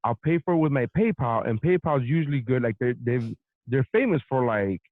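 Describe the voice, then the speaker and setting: A man's voice: medium pitch, a little fast, dry recording. A man rants through a long story with plenty of swearing, like a host holding the floor. His voice comes through narrow and phone-like. There is little room sound around it. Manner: profane, animated storytelling. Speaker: podcast host. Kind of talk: casual storytelling rant.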